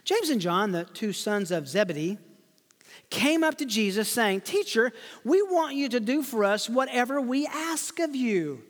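Male pastor, high-pitched, dynamic sermon delivery, church hall reverb. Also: very animated, unhurried. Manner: dynamic, swings from loud rhetorical questions to hushed asides. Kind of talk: expository sermon.

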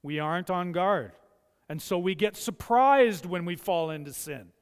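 A man with a high, smooth, resonant voice preaches a sermon in a church. He delivers it with passion and often slips into the voices of the people he quotes. A long hall reverb trails behind every phrase. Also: expressive, measured pace. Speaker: pastor.

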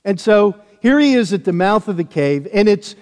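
A man's voice: sits high, expressive, moderate pace, darkish tone. A man preaching a sermon, walking through a Bible passage with self-deprecating asides. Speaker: pastor. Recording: long hall reverb.

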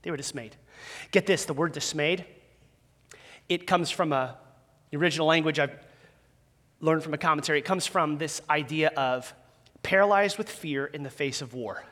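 Man, pastor, sermon, high voice, conversational, self-deprecating humor, long hall reverb. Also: moderate pace, pauses often, fairly bright tone. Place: church sanctuary with a live audience.

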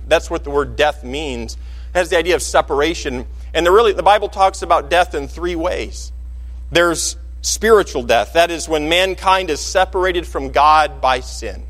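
A man preaching a sermon in a church sanctuary, his voice sitting high for a man. He tells the story with animation and acts out the voices he quotes. A long reverb from the hall hangs behind every phrase. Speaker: pastor.

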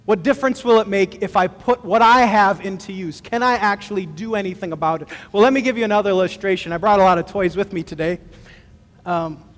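A middle-aged man preaching a sermon as pastor, telling stories in a relaxed, conversational way with self-deprecating humor. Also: sits high, long reverb tail.

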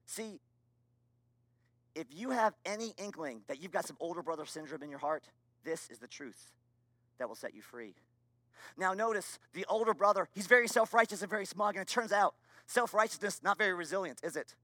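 A man preaching a sermon as a pastor, earnest and emphatic, with repeated phrases and moments of quiet confession. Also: high-pitched, lively intonation, fairly quick, no room sound. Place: church.

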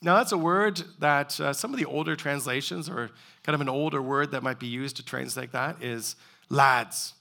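Male pastor, fairly high voice with a gravelly edge, earnest preaching style. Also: a little fast, pushed and bright. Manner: earnest, pleading preaching with repeated rhetorical questions. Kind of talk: sermon.

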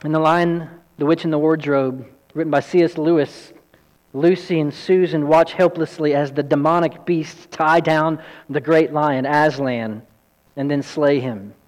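A man pastor preaching an earnest, emphatic sermon, at times quick and at times slow. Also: a little high, steady tone. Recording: long hall reverb.

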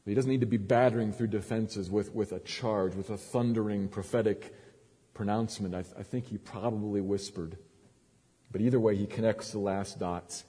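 A man's voice: fairly low pitch, fairly even intonation, normal speed, warm tone, husky, big-room sound. A male pastor preaching a sermon, retelling a story with dramatic emphasis and frequent restarts.

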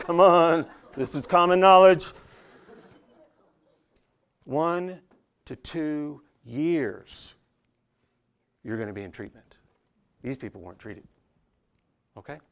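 A pastor preaching a sermon, swinging from hushed, intimate lines to loud, emphatic ones. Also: male voice, medium pitch, vocal fry.

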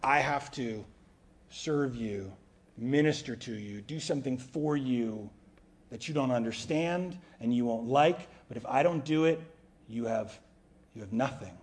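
A pastor preaches a sermon conversationally and without hurry, sometimes dropping to a quiet, low voice for emphasis.

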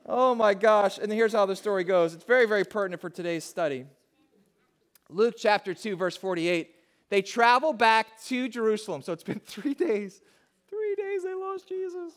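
A man with a notably high voice delivers a heartfelt sermon as a pastor. He preaches to the congregation in personal, confessional terms. His delivery sinks almost to a hush, then climbs back to full volume. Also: moderate pace. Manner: heartfelt, swings from soft to loud.

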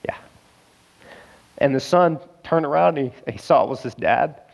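A man's voice: medium pitch, animated, normal speed, vocal fry, muffled recording. A middle-aged man preaching a sermon as pastor, earnest and emotional, telling stories to his congregation. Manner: earnest, emotional storytelling, addresses crowd as guys.

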